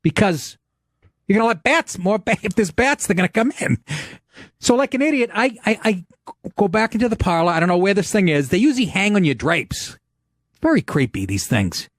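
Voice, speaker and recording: A man hosting a podcast, telling a comic story in a profane, animated way and laughing as he goes. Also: high-pitched, fairly quick, no echo, studio quality. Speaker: podcast host.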